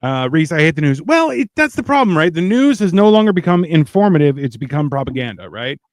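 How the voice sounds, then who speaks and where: A man's voice: a little high, sing-song, fairly quick, no echo. Wry, laid-back man host, dry close sound. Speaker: podcast host. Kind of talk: casual chat reading live comments.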